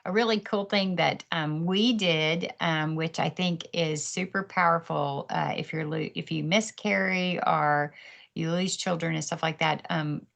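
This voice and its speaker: A woman's voice: deep voice, steady tone, a little slow, vocal fry, fairly bright tone. A woman guest on a podcast, telling her story candidly with faith, laughing often and acting out other people's voices, heard over a video call.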